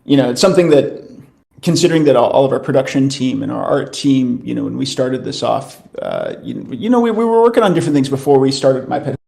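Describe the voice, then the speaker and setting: A man's voice: mid-range voice, huge pitch swings, fast talker, vocal fry, hardly any pauses, dark tone. A man hosting a casual live voice-chat update for his studio's community, laid-back and slangy, drifting through fillers and restarts. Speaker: host of a studio community call.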